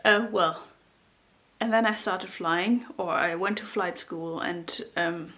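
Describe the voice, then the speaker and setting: Halting woman with a German accent. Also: on the low side, a bit bright. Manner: halting, searches for words. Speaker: knitting podcast host. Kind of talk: casual chat to camera.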